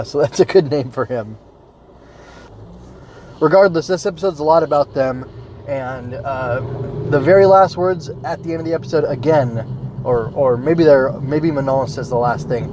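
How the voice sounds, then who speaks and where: A man's voice: medium pitch, lo-fi sound, noisy background. Rambling man hosting an anime podcast. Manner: rambling, tangent-prone, thinks aloud with many fillers. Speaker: podcast host and anime reviewer. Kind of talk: casual solo podcast commentary. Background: smooth jazz music playing.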